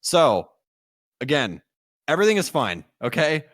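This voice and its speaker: A man's voice: medium pitch, a little fast, no echo, studio quality. A man co-hosting a casual podcast, talking bluntly and heatedly with lots of swearing. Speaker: podcast co-host.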